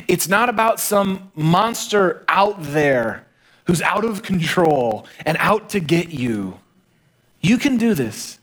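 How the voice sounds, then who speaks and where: Man, pastor, sermon, conversational storytelling, slightly higher voice. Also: fairly bright tone. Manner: conversational, storytelling, varied emphasis.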